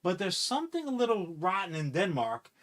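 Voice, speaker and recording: Animated profane man pitching a story. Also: brisk. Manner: rambling, profane, animated storytelling with acted-out quotes. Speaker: podcast co-host. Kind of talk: casual comic-book podcast chat.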